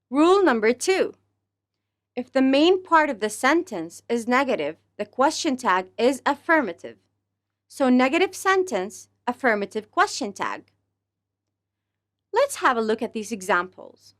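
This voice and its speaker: A woman teaching an English grammar lesson to pupils, speaking slowly and deliberately and exaggerating the rise and fall of example phrases. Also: high-pitched, very animated, fairly bright tone. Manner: slow, deliberate delivery, speaking to pupils as a class; exaggerated rising and falling intonation on example phrases.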